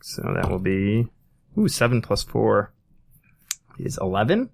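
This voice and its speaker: A man's voice: fairly low pitch, big pitch swings, a little slow, gravelly, a little mellow. A man playing in a tabletop game, talking casually and laughing often. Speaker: player.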